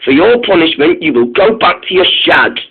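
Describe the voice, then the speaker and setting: A man's voice: a little high, big pitch swings, normal speed, slightly rough, exaggerated voice. Man doing an indignant noble couple. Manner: indignant scolding. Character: annoyed noble couple speaking as one. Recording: tinny phone-like sound.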